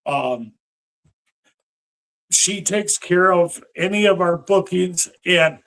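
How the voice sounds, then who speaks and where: Slow-talking high-voiced man. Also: expressive, fairly bright tone. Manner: unhurried and earnest, with fillers. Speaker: professional Santa, interview guest. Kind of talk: casual interview talk.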